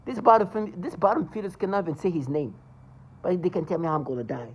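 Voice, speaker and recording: A man's voice: high-pitched, lively intonation, fast, slightly rough. A man ranting angrily in a monologue to camera, cursing and agitated. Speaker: vlogger.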